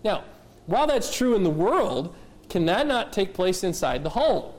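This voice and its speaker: A man's voice: high voice, very animated, moderate pace. A male pastor preaching a sermon, emphatic, firing rhetorical questions at the congregation and speaking to kids and adults directly.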